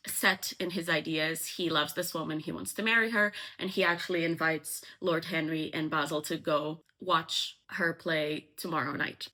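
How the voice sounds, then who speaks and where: A woman's voice: lowish voice, sharp tone. A woman casually retelling a novel's plot in a chatty way, full of likes and ums. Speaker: book explainer.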